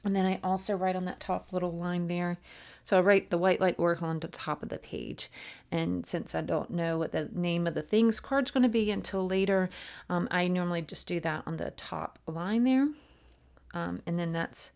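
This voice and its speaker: Soft-spoken woman guiding a meditation. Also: fairly low pitch, vocal fry. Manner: soft, unhurried, with frequent ums and restarts. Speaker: oracle card reader and meditation guide. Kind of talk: casual spiritual teaching and guided meditation.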